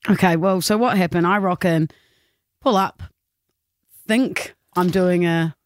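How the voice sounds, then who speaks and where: A woman co-hosting a drive-time radio show, telling stories in an animated, mock-indignant way. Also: fairly low pitch, a little slow, no echo. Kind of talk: casual banter.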